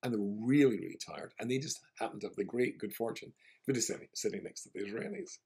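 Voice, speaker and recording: A low-voiced male rabbi recounts a story with wry, self-deprecating humour. His voice is gravelly and husky, with a relaxed storytelling flow. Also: quick pace. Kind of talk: storytelling talk.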